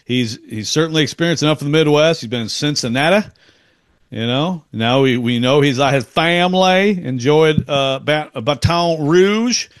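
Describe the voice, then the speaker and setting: A man's voice: on the high side, normal speed, smooth, no room sound. Chatty man from Western Michigan on sports radio. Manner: chatty, rambling with restarts. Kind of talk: casual sports talk. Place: radio studio.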